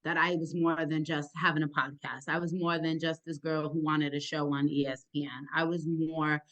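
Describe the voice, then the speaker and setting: A young woman sports podcaster with a deep, thick accent, answering interview questions eagerly and gratefully. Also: moderate pace. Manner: eager, animated and grateful, speeds up in bursts.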